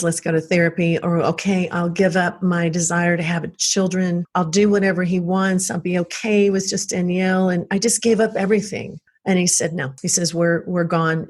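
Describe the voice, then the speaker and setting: A woman from South Texas speaks as an interview guest, earnest and reflective as she recounts her own life. Her voice sits a little low for a woman, and her telling is emotional and unhurried. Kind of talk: personal storytelling.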